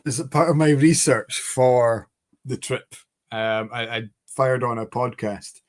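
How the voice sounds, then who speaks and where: A man hosting a relaxed chat, his mid-pitched voice wandering through loose sentences. He fills pauses with ums and often restarts his sentences. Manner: rambling, many fillers and restarts. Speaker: podcast host. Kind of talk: casual chat.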